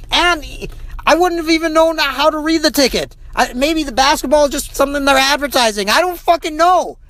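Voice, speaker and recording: A man's voice: very high voice, a bit bright, no room sound. A man hosting his own podcast, telling a travel story in a profane, rambling, heated rant. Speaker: podcast host. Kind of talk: recorded travel diary monologue.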